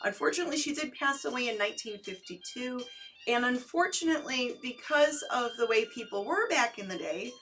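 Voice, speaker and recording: A woman's voice: fairly high pitch, lively intonation, brisk, a bit bright, far from the mic, faint music behind, rough recording. A woman co-hosting a late-night movie show, chatting in an upbeat way with many fillers. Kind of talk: casual co-host chat.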